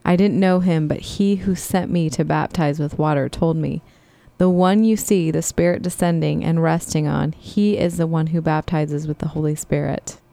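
A woman in a casual Bible study reads scripture aloud plainly. Her voice is low and mellow, and the recording is dry and close. She answers in discussion with a warm, sincere manner. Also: steady tone, normal speed, gravelly, few pauses, no echo.

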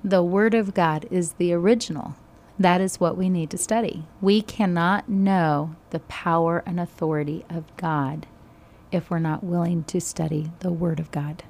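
A woman teaching a Bible study, retelling scripture in conversation with sudden animated bursts. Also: on the low side, normal speed.

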